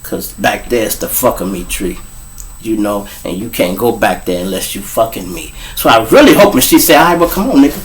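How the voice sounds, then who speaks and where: Middle-aged male host, Chicago accent, lively swooping delivery, crude and conversational. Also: lowish voice, a little fast, a little hiss or hum. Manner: profane, animated, talks straight to the audience. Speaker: show host. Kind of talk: casual storytelling monologue.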